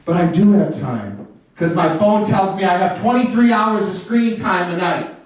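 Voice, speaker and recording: A man's voice: sits high, animated, moderate pace. A man hosting a live variety show, joking with the audience, swearing freely and leading it in chants. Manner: playful, teasing, leads audience chants. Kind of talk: live stand-up crowd work. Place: live venue before an audience. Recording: echoey room from far off, faint noise.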